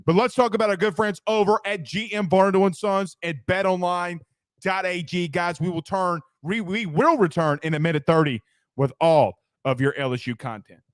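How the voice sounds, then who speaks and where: Man, sports talk host, slightly high voice, dry close sound, energetic and chatty. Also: normal speed, no echo. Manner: energetic, chatty, plugs sponsors. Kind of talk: casual sports talk show.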